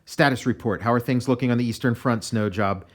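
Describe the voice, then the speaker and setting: A man voicing a brisk female military commander who asks for a status report in a clipped, businesslike way. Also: mid-range voice, pitched above the performer's own voice, close to an everyday voice.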